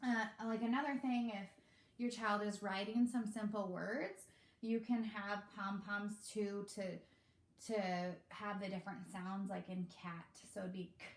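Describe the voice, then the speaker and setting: Chatty woman teacher in an echoey room. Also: medium pitch. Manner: chatty, relaxed, with many fillers. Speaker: kindergarten teacher. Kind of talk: casual instructional talk to parents.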